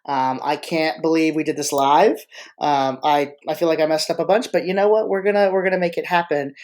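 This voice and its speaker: The tone is steady and somewhat dark, at medium pitch and a fairly quick clip. On a casual live podcast, this freelance marching arts choreographer rambles and jokes, frequently interrupting and restarting.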